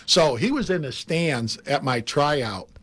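An older man, a former baseball player, telling animated anecdotes in casual chat and laughing often. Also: on the high side, slow.

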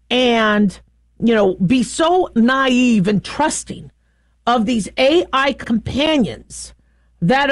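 A middle-aged woman talks through a casual commentary in a bright, high voice. She is chatty and animated, laughing often and restarting her sentences. The sound is dry and close. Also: no echo. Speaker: host.

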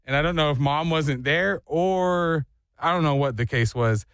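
晨间电台男主持，讲故事很生动. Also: male voice, a little high, normal speed, clear, resonant tone, no room sound. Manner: animated storytelling, mimics voices. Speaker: radio morning show host. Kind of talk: casual morning radio chat.

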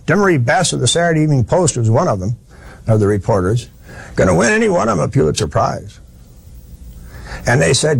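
A man's voice: mid-range voice, creaky, breathy edge. A man giving a history lecture, telling it as a plain-spoken, folksy story with frequent restarts.

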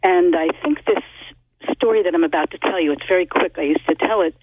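A woman's voice: on the low side, brisk. A woman calling in to a talk radio show from Northern California, eager and chatty, laughing between points, heard over a tinny phone line. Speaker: caller.

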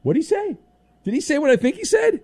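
A man's voice: very high voice, big pitch swings, a little fast, gravelly, a little mellow, no room sound. A man hosting sports talk radio, playful and teasing as he takes calls and reads the news.

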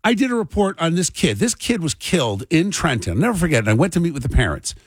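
A man's voice: on the high side, very animated, quick pace, breathy edge, dry recording. A man hosting a political commentary monologue, agitated and fired up, ranting with heavy emphasis. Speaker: show host and commentator.

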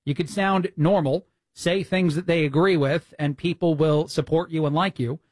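A man's voice: a little high, steady tone, normal speed, darkish tone, no room sound. A man filling in as a talk radio host, delivering an opinionated monologue with frequent "uh" fillers and restarts, sounding indignant. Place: radio studio. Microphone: studio mic.

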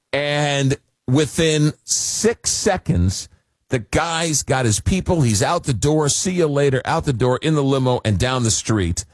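A man's voice: mid-range voice, slightly rough, dry recording, studio quality. A man in his fifties from Long Island, New York, hosting a radio call-in show and telling rambling, self-deprecating stories. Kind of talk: casual talk radio storytelling. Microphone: studio microphone.

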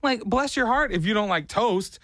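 A man's voice: sits high, normal speed, dry recording. A man hosting a morning radio show, telling stories with playful mock outrage. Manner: animated, exaggerated storytelling with mock outrage. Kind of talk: casual morning radio banter. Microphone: studio microphone.

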